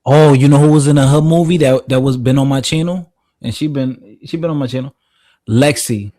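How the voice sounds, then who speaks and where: A young man in casual group chat, eager and excitable, often stumbling over his words. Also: mid-range voice, fairly quick, dry recording. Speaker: podcast co-host.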